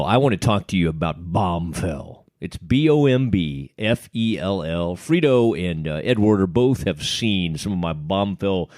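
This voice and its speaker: A man's voice: low voice, a little mellow, dry recording. Chatty East Texan man, dry sound. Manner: jokey, chatty, enthusiastic. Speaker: podcast co-host. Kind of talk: casual sports podcast chat and host-read ad.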